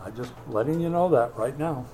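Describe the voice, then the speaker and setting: A man preaching a sermon as pastor, swinging between loud emphatic bursts and quiet asides, with a wry, joking touch. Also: mid-range voice, fairly quick, husky. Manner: wry, joking delivery with mock quotes.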